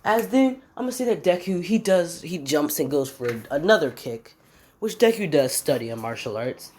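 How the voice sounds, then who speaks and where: A woman's voice: low-pitched, animated, moderate pace, a little mellow, a little hiss or hum. A woman narrating a fan-made what-if story in a casual, rambling, slangy way, thinking aloud as she goes.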